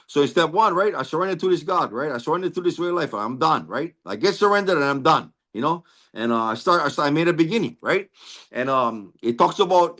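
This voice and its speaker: Hawaiian-accented man, recovery testimony, raised pitch, lively melody, constant "right?" tags. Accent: Hawaiian Pidgin-inflected English. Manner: tags nearly every phrase with "right?", earnest and repetitive; frequent restarts and stammered repeats. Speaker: recovery meeting speaker.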